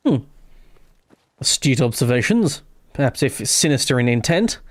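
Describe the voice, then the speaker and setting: A man's voice: medium pitch, sing-song, moderate pace, dry recording, clean studio sound. A man chatting casually and rambling while streaming a game live. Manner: rambling, chatty, self-interrupting. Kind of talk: casual live gameplay chat.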